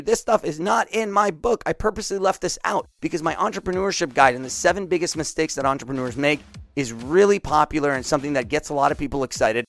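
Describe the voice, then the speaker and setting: A man hosting a solo business podcast, talking straight to his listeners in an energetic, motivational way. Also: on the high side. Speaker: podcast host.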